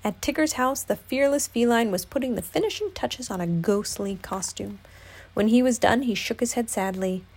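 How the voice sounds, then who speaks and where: Expressive woman reading a storybook. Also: on the high side, moderate pace, breathy edge. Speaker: narrator. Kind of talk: storybook read-aloud.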